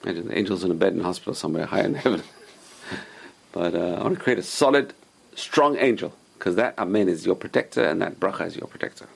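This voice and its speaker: A man's voice: deep voice, animated, fairly quick, gravelly, husky. A man teaching an informal Torah class, explaining Hebrew sources and giving emphatic warnings.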